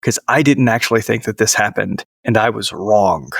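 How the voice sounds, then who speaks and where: A man with a gravelly, creaky edge hosts a laid-back podcast over a video call. He tells wry stories and drops dry jokes, and his voice sits close and dry, with no room sound. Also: on the low side, normal speed, a bit bright, no room sound. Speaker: podcast host. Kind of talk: casual chat. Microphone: video call mic.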